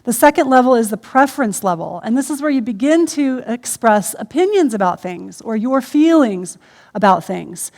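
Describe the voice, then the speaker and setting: A middle-aged woman shares a church sermon with her husband, and her voice is a bit high for a woman. She talks in a relaxed, conversational way, often stopping for an um. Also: moderate pace. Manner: conversational, frequent ums. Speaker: co-pastor. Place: church stage.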